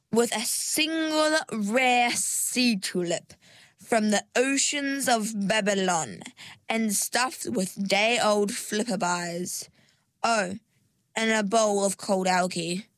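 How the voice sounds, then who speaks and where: A woman voicing a hurried, spiky female sea-creature waiter in a storybook, brisk and conspiratorial. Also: fairly high pitch, lively intonation, a bit bright, no echo. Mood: drawling.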